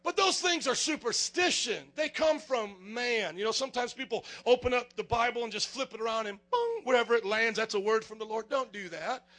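A man, a pastor, preaching a sermon in a jokey, animated way, calling out to the congregation for responses. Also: very high-pitched, brisk, few pauses.

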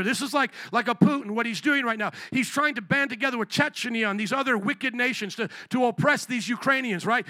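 Man preaching, high pitch, dry close sound, blunt pastor. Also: brisk, few pauses, pushed and bright, no echo. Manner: blunt, preachy, mimics people in asides. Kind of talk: sermon.

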